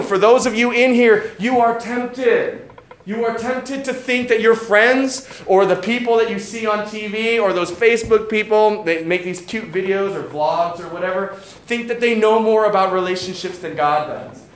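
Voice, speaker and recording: A young adult man preaching a sermon in a casual, conversational way, with joking asides and frequent checks of "right?". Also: sits high. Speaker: pastor. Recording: roomy hall sound, faint background noise.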